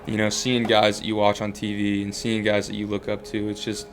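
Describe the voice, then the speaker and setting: A man's voice: on the low side, completely flat delivery, a little fast, slight background noise. A young man in his twenties, talking earnestly in a casual interview as a baseball player, full of fillers and restarts.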